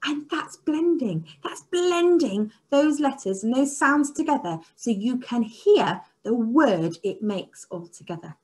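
A woman teacher leading an online phonics lesson for young children, sounding out letters slowly and praising with excitement. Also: on the high side, husky. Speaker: early years teacher.

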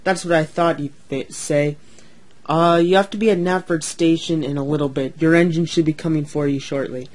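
A man's voice: on the high side, fairly even intonation, normal speed, close to an everyday voice, poor audio. A man voicing a kind older male steam engine who talks in a reassuring, rambling way. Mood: friendly.

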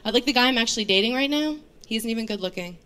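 A woman in her thirties from New York doing a stand-up set on stage, with a deadpan, self-mocking delivery full of fillers. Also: a little high, racing, slight background noise. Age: 30s. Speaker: stand-up comedian. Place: comedy stage before a live audience. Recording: live show with crowd laughter. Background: audience laughter.

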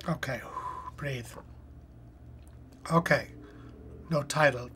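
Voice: mid-range voice, slow, a bit bright, slight background noise. A live-stream host chatting casually and reading puzzle clues aloud as they think, with lots of fillers. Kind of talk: casual live-stream commentary while solving a crossword.

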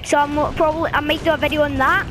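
A woman's voice: high voice, fairly even intonation, fast. A woman giving casual running commentary while playing a video game, chatting and chanting commands at the screen. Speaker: gaming channel host. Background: game music.

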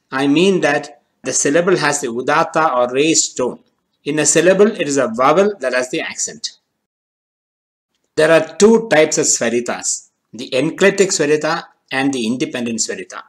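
A man giving a scripted lesson as teacher, speaking in a measured, deliberate way and slowing down on key terms. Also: on the high side, poor audio. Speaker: language teacher.

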